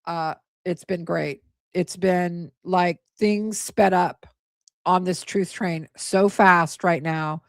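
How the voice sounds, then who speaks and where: Tired hoarse woman rambling on her livestream, emotional and gushy, dry close mic. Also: on the low side, steady tone, takes it slowly, no echo. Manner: emotional, gushing, stumbles over names. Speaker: livestream host. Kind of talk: casual livestream chat thanking donors.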